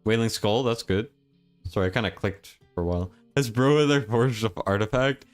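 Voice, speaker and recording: A young man casually talking through a game stream in a low-key, near-monotone way, reading chat aloud. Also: fairly quick, soft background music. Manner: laid-back, mumbling, reads chat aloud.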